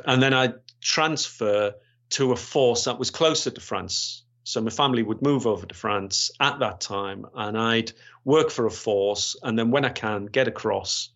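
A man's voice: fairly low pitch, gravelly, fairly bright tone. A man, a retired police officer recounting his career in a rambling way, with many restarts and fillers. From Gateshead, England. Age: 60s. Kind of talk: storytelling interview. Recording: slightly dull, lo-fi sound.

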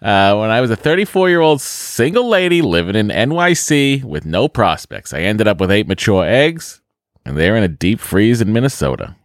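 A man's voice: lowish voice, sing-song, moderate pace, no room sound, clean studio sound. A man putting on a Boston accent to voice a chatty new mother in her thirties, reading her letter aloud for comic effect. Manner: exaggerated accent, breathless listener-letter reading.

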